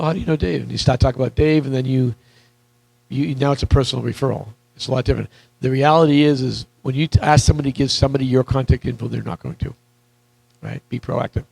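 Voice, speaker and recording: Gravelly man coaching a room, voice worn. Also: medium pitch, no room sound, low-quality recording. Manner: energetic, repetitive, audience questions. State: losing his voice. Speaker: real estate coach. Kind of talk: live seminar talk.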